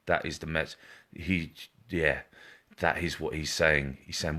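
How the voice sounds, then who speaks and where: Low-voiced man giving live readings. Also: steady tone, slow, sharp tone. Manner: repetitive, reassuring, addresses viewers by name. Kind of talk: live-stream psychic reading.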